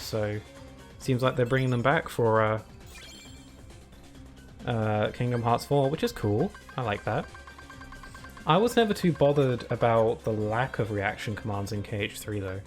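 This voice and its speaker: A man's voice: medium pitch, lively intonation, moderate pace, faint music behind. Rambling young man streaming a game. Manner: rambling, restarts sentences, chuckles often. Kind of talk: casual gameplay commentary.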